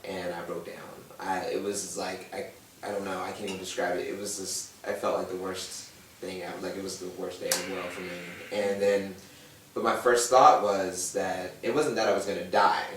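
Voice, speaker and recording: A man's voice: low voice, normal speed. Man in his thirties telling his story. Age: 30s. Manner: animated, acts out quoted voices. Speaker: guest. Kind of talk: candid personal storytelling. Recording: echoey room, distant mic, faint noise.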